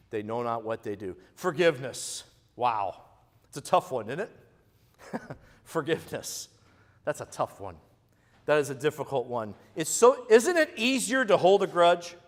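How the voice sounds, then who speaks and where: Midwest guy preaching in a church, bit higher voice, goes hushed then loud, big reverb. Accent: American Midwest. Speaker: pastor. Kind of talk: sermon. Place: church sanctuary. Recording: echoey church hall.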